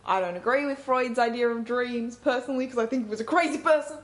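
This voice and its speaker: A woman hosting a community radio show, relaxed and leading the segment, reading out listener feedback. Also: on the high side, quick pace. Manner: relaxed, runs the segment and reads out listener feedback and station idents. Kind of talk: casual radio chat.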